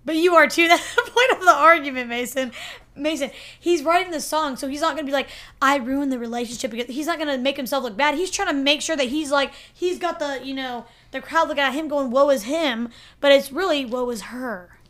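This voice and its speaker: A young woman co-hosting a casual debate podcast, arguing her side with animated, laugh-filled talk. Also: high voice, fast talker. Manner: animated, argumentative, laughs often.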